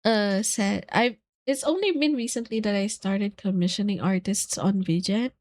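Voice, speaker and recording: A woman's voice: medium pitch, moderate pace. A young woman streaming, chatting casually with friends, giggling and squealing as she gushes. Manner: giggly, squealing, gushing with excitement.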